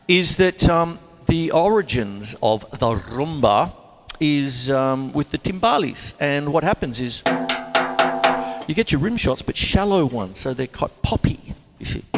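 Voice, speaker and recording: A man's voice: medium pitch, in a large hall. A man giving a casual drum lesson, chatting and scatting the beats aloud. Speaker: drum teacher. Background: drum kit playing.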